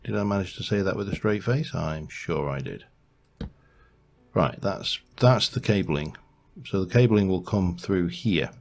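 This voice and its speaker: A man with a low, deep voice talks through a building game at a slow, easy pace. He rambles and corrects himself as he works, and hums tunelessly to fill the pauses. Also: creaky. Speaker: let's play host. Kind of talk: gameplay commentary.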